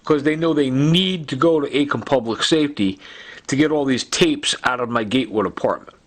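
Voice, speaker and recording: Brisk and medium-pitched, a man records his own agitated complaint. He rambles with urgency, pointing blame at people and layering in fillers and asides.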